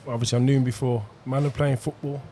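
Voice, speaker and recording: A man tells a story at a quick clip, heavy on street slang and given to bursts of laughter. His pitch is medium. A light hiss sits under the recording. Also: level tone, dark tone. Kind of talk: casual chat, storytelling.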